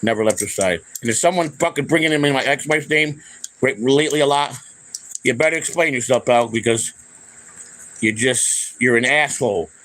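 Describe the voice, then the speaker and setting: Here an older man who hosts his own channel delivers an unscripted, profane, confrontational rant to camera, repeating points and breaking off into restarts. He speaks at a moderate pace with a medium-pitched, fairly bright voice, captured on a rough recording.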